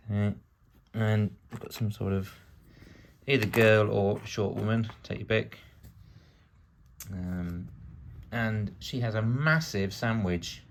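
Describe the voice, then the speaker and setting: A lowish-voiced British vlogger from the UK gives chatty, casual narration during a build, full of wry asides as he works. A little hiss or hum can be heard.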